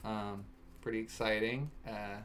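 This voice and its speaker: A man casually chatting on a home stream while opening card packs, breaking into excited shouts over good pulls. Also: lowish voice, measured pace, slight background noise. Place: home, in Alaska. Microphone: webcam setup.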